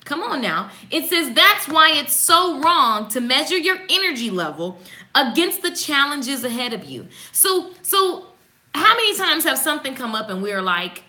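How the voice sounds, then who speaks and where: A woman hosting a casual morning devotional. She reads passages aloud and comments on them in an animated, preachy way, speaking straight to her viewers. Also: sits high, moderate pace. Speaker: host giving a morning devotional.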